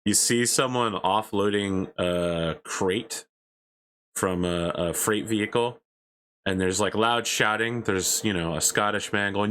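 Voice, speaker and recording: A man's voice: on the low side, takes it slowly, fairly bright tone, clear, resonant tone. A man narrating a tabletop game as game master in a casual, descriptive way.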